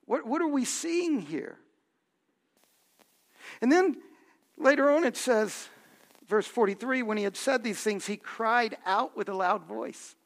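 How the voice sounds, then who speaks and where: Slow, lively, gravelly preacher. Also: medium pitch. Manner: asks the congregation questions, builds to emphatic points. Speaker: pastor. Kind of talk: sermon.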